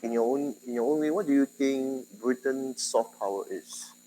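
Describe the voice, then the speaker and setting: A man with a Singaporean English accent tinged with Malay, giving a university lecture in a conversational way, questioning his students and often jumping in loudness and pitch. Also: normal speed, a little hiss or hum, low-quality recording. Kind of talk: classroom lecture.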